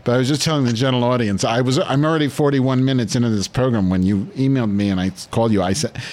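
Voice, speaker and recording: Talking very fast with barely a pause, this podcast host has a medium-pitched, darkish voice. He's foul-mouthed and harsh, crudely mocking a caller throughout the profane call-in chat.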